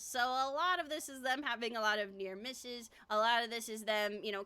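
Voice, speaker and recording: A woman's voice: high-pitched, sharp tone, clean tone. A woman streamer chatting casually about her own characters, rambling with lots of fillers and frequent laughter.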